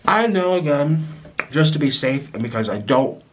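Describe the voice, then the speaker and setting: A man's voice: a little high, animated, moderate pace, slight background noise. A young man hosting a mukbang video, talking casually and rambling with frequent restarts. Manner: chatty, rambling, with frequent restarts and aside remarks. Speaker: mukbang vlogger. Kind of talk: casual eating-video chat.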